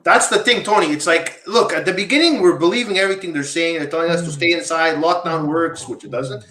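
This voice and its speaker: A man's voice: a little high, fast talker, pushed and bright, a little hiss or hum. Man, podcast host, rambling, repeats himself, echoey room. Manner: rambling, repeats himself, asks guests questions. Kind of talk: casual panel discussion.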